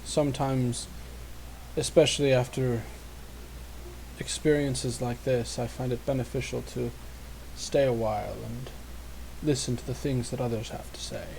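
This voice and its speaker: A man doing a measured, courteous old man. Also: mid-range voice, fairly even intonation, gravelly, a little mellow, slight background noise, poor audio. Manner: slow, courteous, formal old-fashioned speech.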